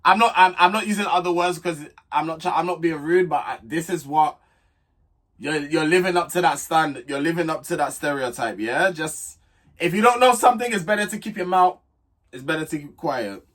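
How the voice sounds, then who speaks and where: Chatty man with a higher voice. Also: fairly quick, fairly bright tone. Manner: chatty, blunt and direct, frequent restarts. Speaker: reality TV recap vlogger. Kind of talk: casual review chat to camera.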